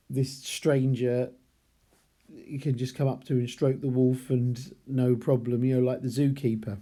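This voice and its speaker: Mellow-voiced man analysing a novel. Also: medium pitch. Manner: thinking aloud, hesitant restarts. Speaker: literature teacher.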